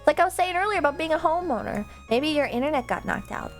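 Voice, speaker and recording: A woman's voice: sits high, lively intonation, quick pace, soft background music. A woman streamer chatting casually with her viewers, rambling into tangents and laughing often.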